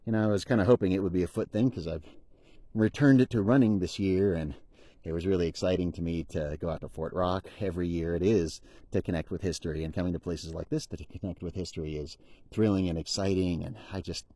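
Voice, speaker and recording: A deep-voiced middle-aged man films himself on a mountain trail, talking in a rambling, cheerful way. His voice is low, mellow and a little husky, and the sound is dry and close to the mic. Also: steady tone, fast talker, dry recording. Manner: rambling, enthusiastic, self-deprecating. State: out of breath after sprinting. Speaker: hiker vlogger. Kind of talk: casual outdoor vlog narration. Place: outdoors on a high mountain meadow trail.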